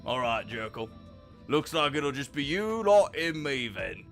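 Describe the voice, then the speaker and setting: A man's voice: mid-range voice, a little slow, gravelly, soft background music, heavily acted. A man voicing a chatty, trolley-obsessed male miner in a game, with a put-on Cockney accent. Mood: hearty. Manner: lively, hearty storybook delivery. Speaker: streamer reading game dialogue. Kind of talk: voicing video game dialogue.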